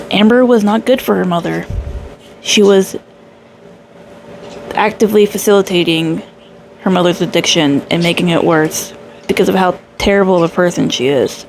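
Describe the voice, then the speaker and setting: A woman's voice: lowish voice, creaky. Woman reaction commentator, dry scornful sarcasm, faint room noise. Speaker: reaction channel host. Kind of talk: commentary over a reaction video.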